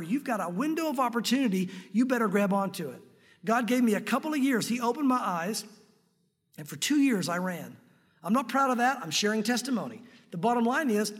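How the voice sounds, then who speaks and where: Man, pastor, sermon, earnest emphatic preaching, husky tone, long hall reverb. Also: high voice. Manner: earnest, emphatic preaching, slowing down to read scripture. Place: church sanctuary.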